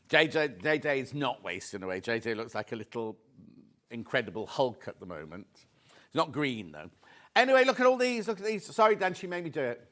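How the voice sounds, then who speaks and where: A British man presenting a live shopping show, chatty and excitable as he reads out viewer messages. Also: mid-range voice. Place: TV studio.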